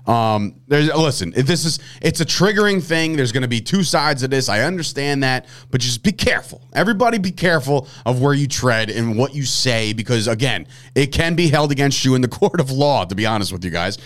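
A man co-hosting a sports podcast in loose, animated chat. He swears freely and often trips over and repeats words as he gets going. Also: mid-range voice, a little fast, hardly any pauses. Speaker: podcast co-host.

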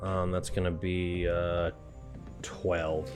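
Low-voiced man, hesitant player. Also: flat delivery, takes it slowly, faint music behind. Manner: hesitant, filler-heavy, laughing. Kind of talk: playing a tabletop game.

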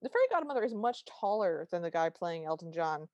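A woman's voice: lowish voice, sing-song, a little fast, darkish tone, no echo, muffled recording. A woman co-hosting a podcast, casually retelling a TV special's plot and quoting its lines. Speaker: podcast co-host. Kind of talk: casual chat recapping a TV special.

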